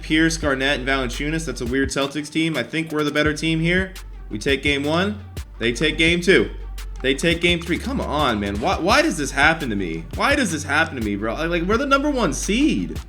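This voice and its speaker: Bright-voiced young man commentating a game. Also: a little high. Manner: excitable, swings between hype and frustration. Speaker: gaming YouTuber.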